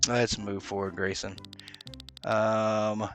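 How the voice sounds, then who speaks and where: A man's voice: lowish voice, little pitch movement, takes it slowly, soft background music. Joking man commentating a game. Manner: joking, mock-blunt, with many "uh"s. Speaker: gaming video host. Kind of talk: casual let's-play commentary.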